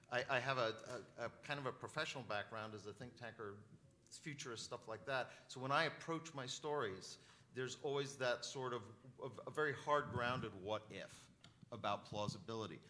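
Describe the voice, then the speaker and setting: A man on a writers' conference panel, thoughtful, with halting restarts. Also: mid-range voice, pushed and bright. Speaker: panelist author.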